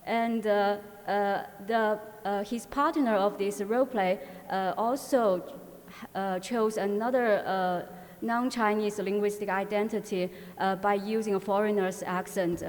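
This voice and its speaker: A woman giving an academic conference talk, halting, with frequent filler pauses and restarts. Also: medium pitch, steady tone, darkish tone. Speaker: conference presenter. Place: university conference hall. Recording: long reverb of a conference hall.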